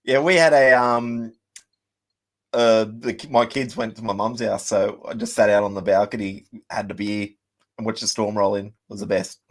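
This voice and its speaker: With a lowish voice, fairly even intonation and normal pacing, an Australian man in his thirties hosts a relaxed chat. The musician and show host rambles through his stories, dropping plenty of ums and laughs.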